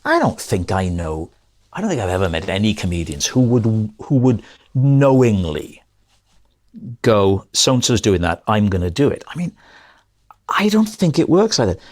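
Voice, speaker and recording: A man's voice: on the low side, very animated, normal speed. A middle-aged male comedian chatting as a podcast guest, telling rambling anecdotes and correcting himself often. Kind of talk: casual podcast chat.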